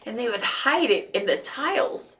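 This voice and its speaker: A woman guest telling a painful personal story in a podcast interview, halting and earnest, often restarting her sentences. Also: a little high, sing-song, fairly bright tone, far from the mic, a little hiss or hum. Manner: earnest and emotional.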